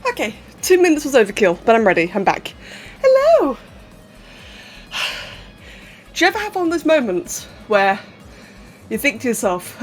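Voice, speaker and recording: Giggly, animated woman streamer. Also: a little high, normal speed, pauses often, faint music behind. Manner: giggly and hyper, answers chat messages as she reads them. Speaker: live streamer. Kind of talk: casual live-stream chat.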